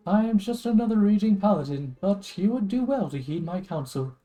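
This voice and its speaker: A woman's voice: mid-range voice, animated, brisk, dark tone, lightly acted, poor audio. A woman voicing an older male paladin mentor in a put-on Southern US accent, speaking solemnly as she reads game dialogue. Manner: solemn, advising.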